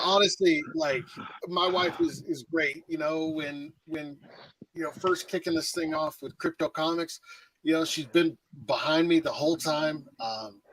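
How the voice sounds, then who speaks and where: A man's voice: on the high side, fairly bright tone, poor audio. A married man chatting as a guest on a talk show, joking about himself. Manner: self-mocking, laughing, quick quips. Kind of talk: casual chat.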